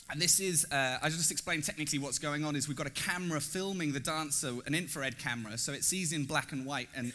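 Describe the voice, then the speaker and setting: Bright-voiced man giving a conference talk. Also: fairly high pitch. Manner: enthusiastic, jokey, talks to the audience. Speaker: designer presenting at a conference. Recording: echoey hall.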